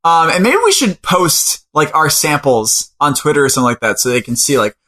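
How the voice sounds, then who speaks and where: Lively, bright-voiced male podcast host. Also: fairly high pitch, brisk. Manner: chatty, laughs often. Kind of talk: casual chat.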